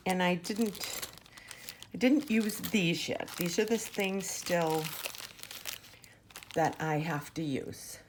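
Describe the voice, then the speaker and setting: A woman's voice: on the low side, slow pace, long pauses, a little hiss or hum. A woman showing off her handmade jewelry in a casual vlog, chatty and gushing, with fillers and restarts. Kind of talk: casual show-and-tell vlog. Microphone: camera mic on a tabletop.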